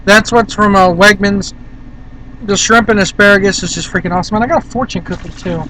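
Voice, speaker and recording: Guy from virginia rambling in his car, high bright voice, faint traffic noise behind. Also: fairly quick, low-quality recording. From Virginia, USA. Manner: rambling, chatty, blunt. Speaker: vlogger. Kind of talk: casual vlog chat.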